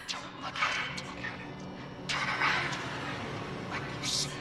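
A woman voicing a haunting female spirit that taunts the player in a slow, faint, distant voice. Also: close to an everyday voice. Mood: taunting. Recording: distant with music behind.

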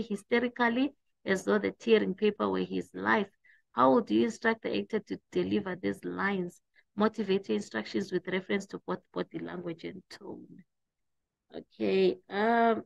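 Woman, teacher, exam revision lesson, gravelly voice, dry close sound. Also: medium pitch, no room sound, dull audio. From South Africa. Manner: explains slowly, restating points with hesitant fillers.

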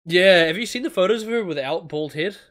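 A man's voice: high-pitched, lively intonation, brisk, fairly bright tone. A man with a New Zealand accent chatting casually as a podcast co-host, rambling and laughing as he talks. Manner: rambling, laughing, restarts sentences often. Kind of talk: casual chat.

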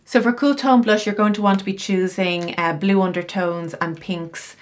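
A woman's voice: medium pitch, steady tone, moderate pace, slight background noise. A middle-aged woman style coach talking through her makeup routine in a chatty, explanatory way, with casual asides. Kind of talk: makeup tutorial.

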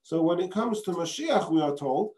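A man's voice: fairly high pitch, expressive, normal speed, a little mellow. A man teaching as a rabbi, reading a passage and explaining it with rhetorical questions, Hebrew terms and frequent restarts. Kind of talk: explaining a text.

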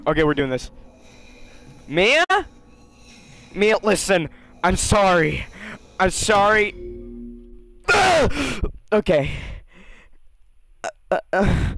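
A man's voice: on the high side, lively intonation, slow pace, pauses often, a bit bright. A young man giving casual, jokey commentary while playing a horror game, often yelping and shrieking when scared. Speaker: let's play gamer.

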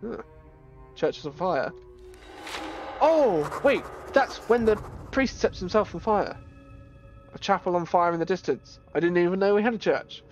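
A man commentates on a horror game as he plays it, jokey and excitable, with sudden yelps. His voice sits a bit high, and faint music runs underneath. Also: moderate pace, pauses often. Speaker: streamer. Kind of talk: gaming commentary.

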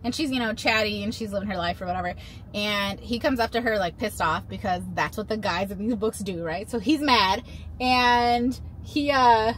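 A woman's voice: medium pitch, moderate pace, fairly bright tone, a little hiss or hum. A woman in her thirties, a mother, chatting casually to a phone camera in a rambling, playful storytelling way while out and about. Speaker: vlogger. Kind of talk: casual vlog chat. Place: in a car and out and about.

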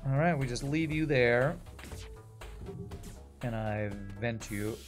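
A man's voice: mid-range voice, takes it slowly, music in the background. A man casually commenting while streaming a video game, thinking aloud and laughing easily.

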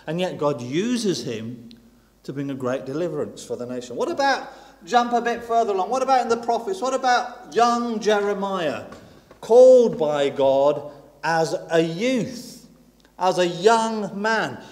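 A man preaching a sermon in a conversational, animated way, acting out the lines of Bible characters as he goes. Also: high voice, unhurried. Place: church hall. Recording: long hall reverb.

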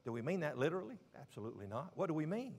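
A man preaching a sermon, stressing words slowly and dropping suddenly to a hush. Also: fairly high pitch, very animated. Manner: emphatic, with slow drawn-out stresses and sudden quiet drops.

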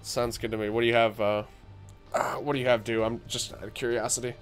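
A man's voice: medium pitch, level tone, a little fast, soft background music. A young man livestreaming a game while sick and tired, chatting casually with viewers, with frequent fillers, restarts and the odd voice crack. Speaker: gaming livestreamer.

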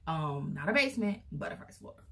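A woman's voice: deep voice, sing-song, brisk, vocal fry. A young woman vlogger telling a personal story in a casual, rambling way, full of fillers, recorded from a distance.

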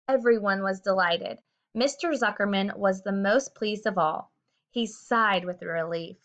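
A woman narrating a children's book aloud with a steady, expressive reading. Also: mid-range voice, unhurried. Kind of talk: storybook read-aloud. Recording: dull lo-fi recording.

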